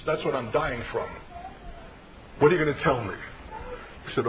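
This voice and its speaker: A man's voice: medium pitch, moderate pace, long pauses, noisy background. Impassioned man on a tinny radio broadcast. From United States. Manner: impassioned, emphatic storytelling. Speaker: preacher giving his testimony. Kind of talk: personal testimony sermon.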